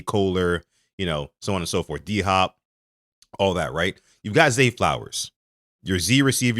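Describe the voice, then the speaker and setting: Lively low-voiced podcast host. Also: male voice, no echo, studio quality. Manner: animated, talks to his chat, stresses key words. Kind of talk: sports podcast commentary.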